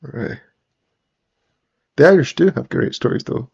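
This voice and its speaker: A man's voice: fairly high pitch, expressive, unhurried, vocal fry, darkish tone, breathy edge, highs cut off. A man with a mild Scottish accent, chatting casually and rambling as he hosts a live stream while setting up music gear. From Scotland. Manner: chatty, rambling, frequent restarts. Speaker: livestream host. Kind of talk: casual chat while working.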